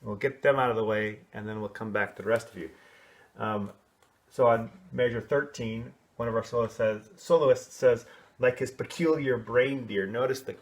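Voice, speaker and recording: A man teaching a children's choir, explaining solos in a relaxed, chatty way and singing short snippets to show how they go. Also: fairly low pitch, moderate pace. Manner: casual, explanatory, sings short snatches to demonstrate. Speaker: music teacher. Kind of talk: coaching a kids' choir on song solos.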